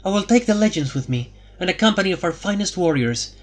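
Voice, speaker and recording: A man's voice: sits high, expressive, fast talker, voice pushed up. A man voicing a regal, resolute young queen. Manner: regal, firm, earnest. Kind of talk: audiobook character voice.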